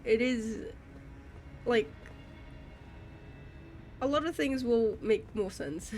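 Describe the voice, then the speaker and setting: A woman's voice: fairly high pitch, takes it slowly, darkish tone, soft background music. A young woman with an English accent, streaming live and chatting casually, full of "like" and restarts. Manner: chatty, many fillers and restarts, frequent laughs.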